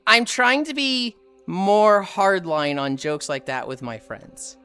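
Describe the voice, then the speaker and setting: A woman in her thirties is streaming live, chatting casually with her chat and friends and telling animated stories with lots of laughter. Her mid-range voice is slow, clear, and resonant, with soft background music.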